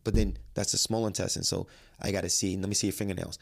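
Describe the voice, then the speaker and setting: A man with a low, gravelly voice tells a personal story. He talks animatedly and acts out the conversations as he goes, with his own lines and everyone else's. The crackly fry in his voice stays through the whole story. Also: fast talker. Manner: animated, quotes himself and others in dialogue. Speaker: life coach and trainer.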